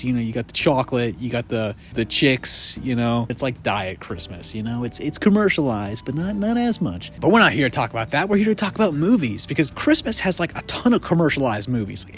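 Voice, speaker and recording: A man hosting a casual comedic movie retrospective outdoors under a tree, rambling and jokey. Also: medium pitch. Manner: rambling, jokey, animated with voice jumps. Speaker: video essay host.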